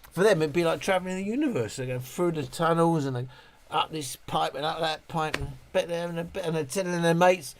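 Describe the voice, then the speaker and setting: A man hosting a casual livestream, rambling and joking while he moans and swears. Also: fairly high pitch. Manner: rambling, joking, moaning with frequent laughs and swearing. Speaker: livestream host reviewing speakers.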